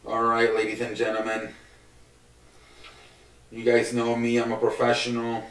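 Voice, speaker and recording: A man's voice: medium pitch, completely flat delivery, a little slow, a bit bright. A man hosting a solo sports podcast, rambling and swearing with many restarts. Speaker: podcast host. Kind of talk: casual solo sports talk. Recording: echoey room, distant from the mic.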